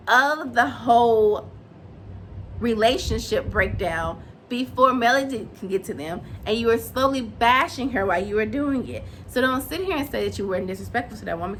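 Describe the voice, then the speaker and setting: A woman giving an animated, opinionated recap of a reality show and acting out what the cast said. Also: fairly high pitch, a little hiss or hum. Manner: animated, opinionated, acts out quotes. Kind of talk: casual recap and commentary.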